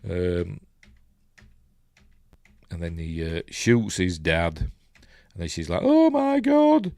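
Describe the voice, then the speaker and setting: A man's voice: sits low, steady tone, takes it slowly, creaky, no echo. A man with a Yorkshire accent casually recapping a film as he watches it, rambling with lots of ums and self-corrections. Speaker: film reviewer.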